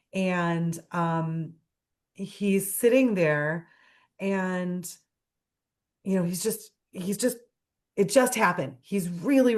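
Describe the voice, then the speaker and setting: A woman guest in a casual talk show, telling a story with lively, expressive delivery. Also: lowish voice. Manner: animated storyteller, acts out characters' lines. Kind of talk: casual chat.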